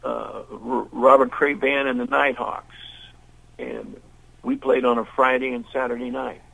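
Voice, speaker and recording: An older man, a musician and interview guest, telling a long anecdote in a lively way and acting out the voices of the people in it. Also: medium pitch, measured pace, gravelly, husky, poor audio. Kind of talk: storytelling in an interview.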